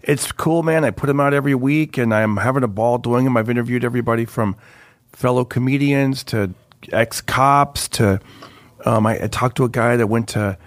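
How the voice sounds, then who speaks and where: A man's voice: mid-range voice, moderate pace, no echo. A man, a comedian guest on a podcast, chatting casually and rambling with many restarts. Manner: rambling, restarts mid-sentence while explaining. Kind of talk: casual chat.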